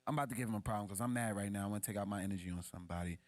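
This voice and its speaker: A man's voice: very fast, no echo. A young man co-hosting a podcast, telling a casual story full of profanity and street slang. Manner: animated, acts out quoted voices in a much higher pitch. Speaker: podcast co-host.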